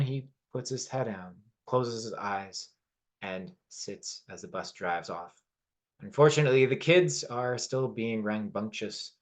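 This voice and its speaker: A man giving an earnest motivational lesson, with fillers and hesitations, leaning on key words. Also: on the low side. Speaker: personal development teacher.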